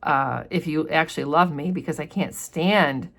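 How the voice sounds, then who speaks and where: A woman voicing a nervous, oversensitive minister in a low, impatient tone. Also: normal speed, vocal fry.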